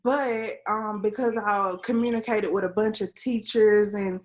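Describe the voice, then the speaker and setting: A woman's voice: medium pitch, steady tone, unhurried, a little mellow. Young woman telling her story earnestly. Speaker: interview guest, civil engineer. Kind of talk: casual conversational interview.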